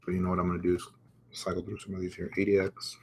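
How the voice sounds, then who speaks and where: A man hosting a live crypto market stream, giving casual chart commentary, chatty and thinking out loud as he reads viewer comments. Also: low-pitched, completely flat delivery, racing, husky.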